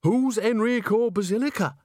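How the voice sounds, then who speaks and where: A man's voice: high voice, moderate pace, a little mellow, no echo, studio quality, pitched above the performer's own voice, lightly acted. A man voicing a cheerful, earthy old witch woman with a folksy, chatty way of talking.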